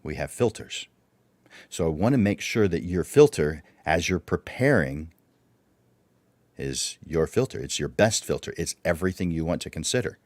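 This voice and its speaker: A man with a deep, low voice leads a livestreamed workshop on public speaking. He talks in an instructive way and fires off one rhetorical question after another. The sound is dry and close, with no room echo. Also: lively intonation, normal speed, darkish tone. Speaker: workshop presenter.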